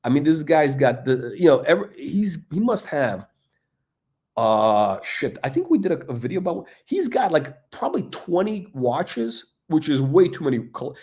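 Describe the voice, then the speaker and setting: A man's voice: fairly high pitch, big pitch swings, normal speed, a little mellow. A man hosting a watch channel, talking in a rambling, sarcastic monologue full of fillers, restarts and swearing. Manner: sarcastic, profane, meandering with many fillers and restarts.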